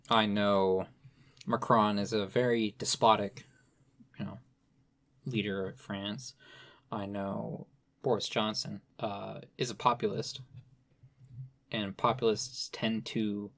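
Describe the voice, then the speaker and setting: A man's voice: fairly low pitch, little pitch movement, takes it slowly, pauses often, a bit bright. A young man talking casually on a podcast, rambling with many restarts and "you know" fillers. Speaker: podcast guest expert.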